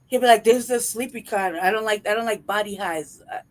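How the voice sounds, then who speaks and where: Speaking a little fast at medium pitch, a young woman co-hosts a podcast; the audio is poor. She spins stories in an informal chat, animated and profane, laughing frequently along the way.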